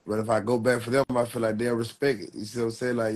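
A man in his twenties talks straight to his viewers in a casual livestream. He rambles, circles back and keeps leaning on street slang. His voice sits at an ordinary middle pitch. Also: flat delivery, fast, a little mellow. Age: 20s. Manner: rambling street slang, repeats "real talk". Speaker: rapper.

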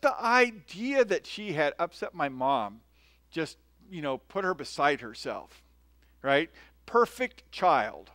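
A male pastor delivers a sermon in a friendly, storytelling way, often pausing to ask his listeners "right?" His voice sits a little high for a man. The sound is dry, with almost no room echo. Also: big pitch swings, a bit bright. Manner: conversational, tells stories, often checks in with "right?". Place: church.

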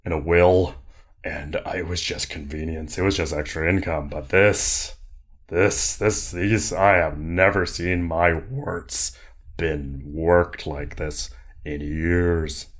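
Lonely old landlord played by a man, deep voice, hesitant, soft-spoken, improv comedy scene. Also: steady tone, takes it slowly. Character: lonely older male landlord with foot warts.

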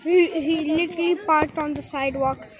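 A woman's voice: high-pitched, fairly even intonation, moderate pace, rough recording. A woman narrating a casual walking vlog outdoors by the sea, eagerly repeating words as she points things out to her phone camera. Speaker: vlogger. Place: outdoors by the sea and a busy street. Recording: loud outdoor noise.

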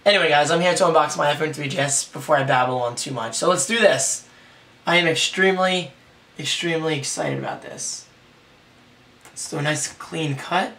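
A young man with a hoarse, raspy voice, excitedly rambling through a casual unboxing vlog. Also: fairly high pitch, moderate pace, recorded from a distance. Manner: excited, rambling, self-deprecating. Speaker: tech vlogger.

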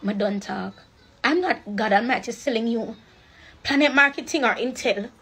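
On an emotional livestream, a woman talks into her phone in a slightly high, somewhat bright voice with a breathy edge, at a moderate pace. Her impassioned rant is preachy, broken by occasional crying, and shifts back and forth between patois and standard English.

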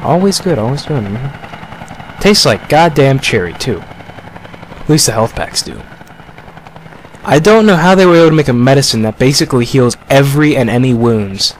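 A young man talking through a game in character, swearing and sarcastic with sudden excited outbursts. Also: mid-range voice, moderate pace, pauses often. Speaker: gamer playing a paranoid character. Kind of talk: in-character gameplay commentary. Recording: game gunfire noise behind voice.

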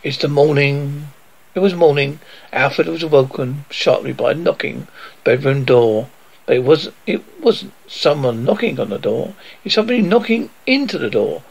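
Casting: male storybook reader, slightly high voice, gravelly, theatrical with sound effects. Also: lively intonation, normal speed, poor audio. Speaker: storyteller reading his book. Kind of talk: storybook reading aloud.

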